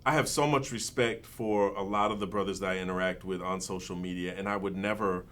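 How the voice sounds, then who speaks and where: A man's voice: deep voice, steady tone, fairly quick, a bit bright. A man speaking earnestly and reflectively as a panelist in a casual discussion. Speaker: podcast panelist.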